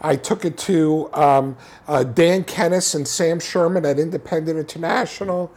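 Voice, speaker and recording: A man telling a film anecdote in an interview, animated, with many restarts and repeated words. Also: a little high, moderate pace. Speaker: filmmaker guest. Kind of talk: casual storytelling interview.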